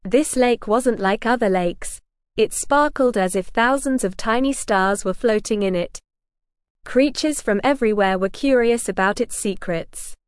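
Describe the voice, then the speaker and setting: Smooth-voiced woman reading a children's story. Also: a little high, unhurried, no room sound, clean studio sound. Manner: gentle, even read-aloud delivery.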